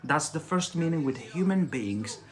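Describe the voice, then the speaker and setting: A man's voice: a little high, expressive, measured pace. A man teaching a live online English vocabulary lesson, explaining step by step with many fillers and restarts and checking understanding with "yeah?".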